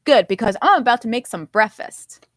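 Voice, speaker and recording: A woman's voice: a little high, expressive, moderate pace, no room sound. A woman voicing a kindly middle-aged man who teases and fusses over a friend, in a dry, close recording. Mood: teasing. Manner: warm, fussing, teasing tone.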